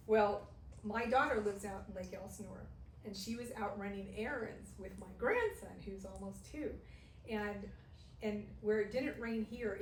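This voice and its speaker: A middle-aged woman from Southern California telling a personal story in a women's Bible study, laughing often and acting out what people said. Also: medium pitch. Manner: lively storyteller who laughs and acts out quotes. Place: church meeting room. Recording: echoey room, distant mic, faint hiss.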